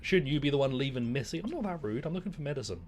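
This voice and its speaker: A man's voice: medium pitch, big pitch swings, racing, a little mellow. A man giving casual, sarcastic commentary while streaming a game, rambling and swearing freely.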